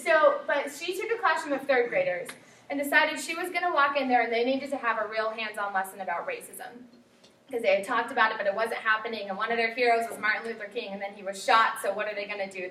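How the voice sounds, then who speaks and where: A woman's voice: on the high side, fairly bright tone. A young woman giving a chatty classroom presentation, with lots of fillers and quotes she acts out. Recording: echoey room from far off, faint hiss.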